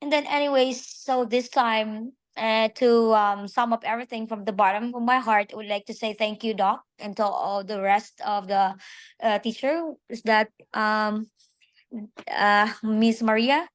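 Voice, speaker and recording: A woman's voice: fairly high pitch, steady tone, measured pace, dry recording. A woman teacher, speaking hesitantly with many fillers on a video call. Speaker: teacher, meeting participant. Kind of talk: casual sharing on a video call.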